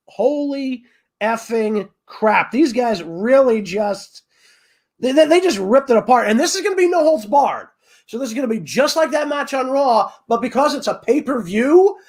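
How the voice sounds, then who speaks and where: A man with a very high voice talks through his opinions in a loose, unscripted monologue. He stammers and restarts often, doubling back mid-sentence as he thinks aloud. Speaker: podcast host. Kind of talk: casual wrestling commentary monologue.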